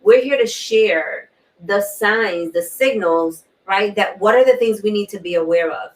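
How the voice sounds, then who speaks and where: A woman hosting a talk show, sharing a personal story in an earnest way, repeating key words and often clearing her throat. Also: mid-range voice, measured pace. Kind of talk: personal testimony in a panel talk. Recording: distant mic.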